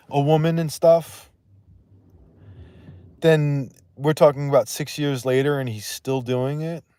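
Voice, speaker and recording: A man's voice: fairly high pitch, a little mellow, no room sound. A man hosting a livestream in loose, profane, rambling chat, laughing often and trailing off mid-thought. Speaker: livestream host.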